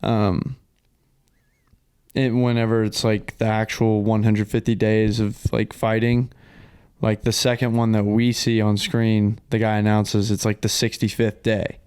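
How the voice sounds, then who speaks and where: A man's voice: on the low side, level tone, a little slow, darkish tone, clean tone. A young man co-hosting a podcast, talking casually about a movie, laid-back and full of "like" fillers. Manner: laid-back, filler-heavy, says "like" constantly. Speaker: podcast co-host. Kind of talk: casual movie reaction chat.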